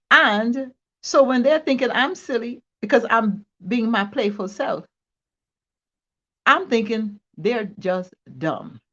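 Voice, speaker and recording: A woman's voice: on the high side, a bit bright, highs cut off. A woman with an accent chatting playfully as a guest. She laughs often and repeats herself. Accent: non-native English accent. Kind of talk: casual chat. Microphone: video call.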